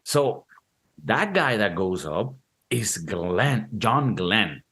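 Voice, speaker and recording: A young man on a podcast, casually reviewing a movie and explaining it in an animated, profane way, acting out quotes. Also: lowish voice, extremely slow. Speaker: podcast co-host.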